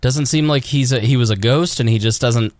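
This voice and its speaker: A man's voice: medium pitch, a little fast, darkish tone, no echo. A man hosting a podcast in casual chat, easygoing, often answering with short agreeing replies. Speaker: podcast host.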